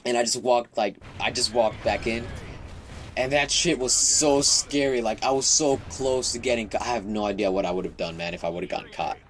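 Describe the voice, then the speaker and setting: A teenage boy with a mid-range voice vlogs a childhood story at a brisk clip, rambling, swearing, laughing and restarting as he goes. There's slight background noise behind him.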